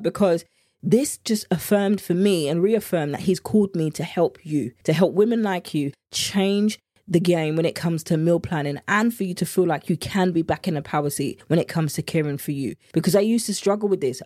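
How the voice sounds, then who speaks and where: A woman's voice: fairly low pitch, darkish tone, dry recording, studio quality. A woman with a British accent, hosting a podcast as a meal planning coach in an earnest, heartfelt and repetitive solo monologue.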